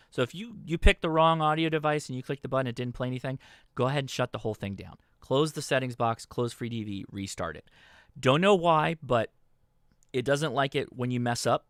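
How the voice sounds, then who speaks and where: A man's voice: mid-range voice, fairly quick, a bit bright, no echo. Man giving a dry, casual radio tutorial. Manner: instructional, checks in with "okay?". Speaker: host. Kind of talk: livestream tutorial. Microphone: desk microphone.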